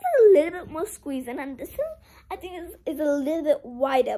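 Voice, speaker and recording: A woman's voice: high voice, big pitch swings, brisk, a bit bright, low-quality recording. A young girl doing a casual clothing-haul vlog, chatty and full of "like", making a drama of her disappointment. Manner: chatty, heavy use of "like", dramatic about being sad. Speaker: vlogger.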